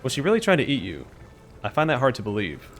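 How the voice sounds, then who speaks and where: A man's voice: mid-range voice, wildly swooping pitch, fast, a little hiss or hum. A man voicing a blunt, skeptical commander questioning a demon.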